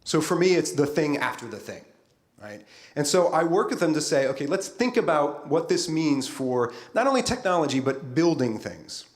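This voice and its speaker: Middle-aged male keynote speaker, futurist, animated and playful, lively pitch. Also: moderate pace. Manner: lively, playful, talks straight to the audience. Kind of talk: conference keynote speech.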